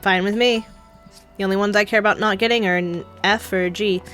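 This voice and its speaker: A chatty young woman narrating her gameplay, thinking out loud and laughing often. Her voice sits in a middle range, with faint game music underneath. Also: medium pitch, steady tone, fairly quick. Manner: chatty, giggly, thinking aloud. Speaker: gameplay streamer. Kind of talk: casual gameplay commentary.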